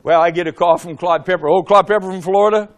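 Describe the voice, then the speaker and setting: A man in his seventies from Ohio, a former congressman giving a blunt, animated rally speech, acting out the exchanges he describes. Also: high voice, quick pace. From Ohio, USA. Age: 70s. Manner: animated, acts out quoted exchanges, blunt and profane.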